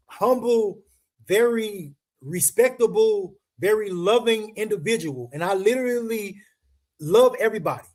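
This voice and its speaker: A man hosting a casual crypto livestream, talking to viewers in slangy, emphatic chat and repeating words for stress. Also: sits high. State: emotional, choked up.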